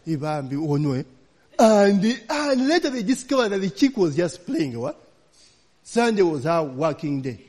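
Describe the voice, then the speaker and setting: Preacher in an echoing hall. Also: male voice, sits high, expressive, moderate pace, a little mellow. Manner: chatty, laughing, peppers lines with "you know, eh?". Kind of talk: storytelling sermon.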